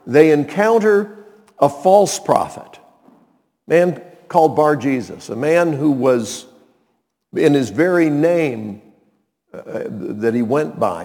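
A pastor delivering a sermon, a man whose somewhat high voice rises and falls widely as he stresses each point. He speaks slowly and emphatically, often pausing to check in with his listeners. The sound rings with the long reverb of a large hall. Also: a little mellow.

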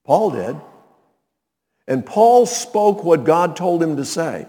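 Animated male preacher in a reverberant hall. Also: a little high, slow, husky. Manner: emphatic preaching, checks in with listeners. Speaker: pastor. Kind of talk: sermon. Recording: long reverb in a large hall.

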